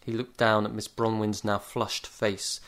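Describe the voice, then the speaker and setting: A man narrating a comic short story in a dry, measured deadpan. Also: on the low side. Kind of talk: story reading.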